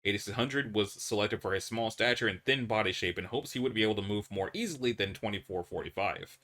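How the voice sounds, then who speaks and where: A man narrating a horror report in an even, matter-of-fact reading. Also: lowish voice, fast.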